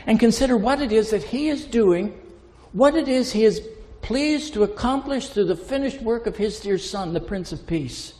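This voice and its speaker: Preaching a sermon in a hall with long reverb, a man with a high, mellow voice speaks expressively at a normal speed. He moves between emphatic, impassioned peaks and low, hushed lines.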